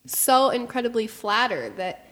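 A woman's voice: a little high, very animated, unhurried, a bit bright. A young woman co-hosting a podcast, chatting casually and telling a story, acting out quotes and saying "like" often. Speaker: podcast co-host. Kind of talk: casual chat.

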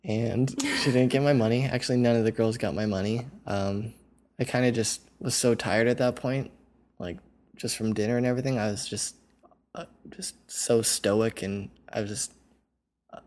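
A man's voice: medium pitch, fairly even intonation, moderate pace, a little mellow. A young man hosting a podcast, telling a casual, rambling story full of "like" and "you know.". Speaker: podcast host.

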